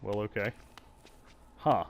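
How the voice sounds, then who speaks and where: A man's voice: fairly low pitch, takes it slowly, vocal fry, noisy background. A man giving casual, self-deprecating commentary while playing a video game. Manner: musing, self-deprecating, apologetic. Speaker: let's play host.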